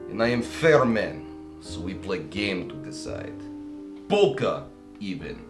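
A man plays a hammy gangster boss, all menace and overdone delivery. His voice sits low and swoops all over the place. It rings in a roomy space with music underneath. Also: very animated, unhurried. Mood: menacing. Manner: overacted gangster delivery, then mangled fake accents. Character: male mob boss Vinny, smooth and menacing. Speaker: actor in a sketch.

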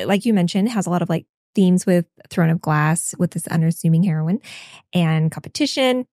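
Woman podcast co-host, slightly low voice, eager conversational tone, dry close mic. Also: a little mellow, no room sound. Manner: enthusiastic, frequent agreeing fillers. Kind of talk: casual chat.

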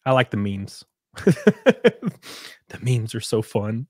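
A man's voice: fairly low pitch, fairly even intonation, slow pace, no echo, clean studio sound. A man chatting casually on a podcast, telling blunt, crude stories. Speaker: podcast host.

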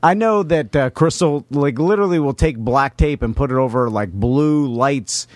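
A man's voice: medium pitch, moderate pace, no echo. A man co-hosting a podcast, talking casually and rambling with lots of fillers and laughs on a studio mic. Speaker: podcast co-host. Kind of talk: casual chat.

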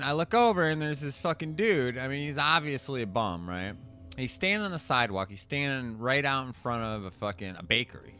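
A young man telling a profane story in animated rants while commentating a card game. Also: mid-range voice. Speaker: gameplay commentator. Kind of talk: casual storytelling over gameplay.

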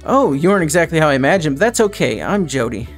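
A man's voice: a little high, sing-song, fast, soft background music. Man reads friendly villager woman, easygoing, near his own voice. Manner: easygoing, reassuring.

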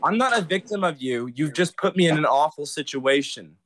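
A man's voice: a little high, expressive, a bit bright. A young adult man in a heated, sarcastic argument with his father, accusing him and talking over him. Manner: sarcastic, accusing, rapid back-and-forth.

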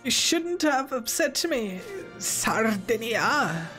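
A man putting on the voice of a theatrical, wounded medieval ruler, hushed and slow with a breathy, melodramatic delivery. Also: extremely high pitch, sing-song, faint music behind, voice pushed up, heavily acted. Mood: mock-offended.

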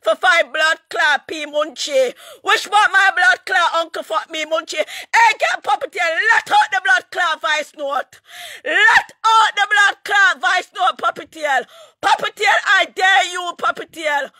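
A woman with a Jamaican patois accent ranting angrily on a livestream, shouting, cursing and taunting over and over, her voice breaking near tears at times. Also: extremely high pitch, measured pace, no room sound, studio quality. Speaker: online ranter. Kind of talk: angry livestream rant.

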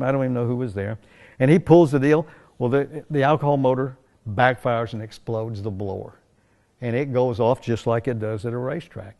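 A man's voice: mid-range voice, a little mellow. An older man, a drag racing team owner, telling anecdotes in a folksy, conversational way that rambles along with restarts.

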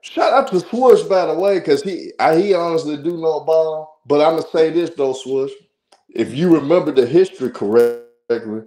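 A man in a heated casual sports argument, blunt and quick to shout others down. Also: on the high side. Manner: blunt, keeps telling others to shut up. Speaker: show regular arguing about basketball. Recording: echoey room.

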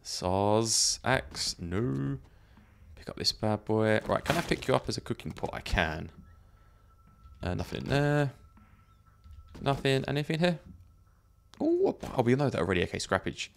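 A man's voice: medium pitch, lively intonation, unhurried, gravelly, long pauses, slight background noise. A man chatting casually while he plays a zombie survival game, thinking aloud and laughing often. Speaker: gaming YouTuber. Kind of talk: let's play commentary.

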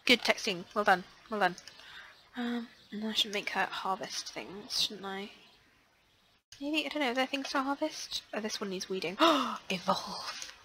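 A young woman chatting casually through a life-sim let's play, excitable, gasping and filling pauses with ums. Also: medium pitch, slight background noise, low-quality recording. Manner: chatty and excitable, frequent gasps and fillers. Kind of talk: casual gameplay commentary.

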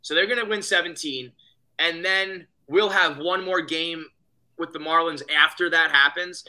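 A man co-hosting a podcast, chatting casually about baseball in a rambling, profane, excitable way. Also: fairly high pitch, moderate pace. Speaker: podcast co-host. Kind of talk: casual sports chat.

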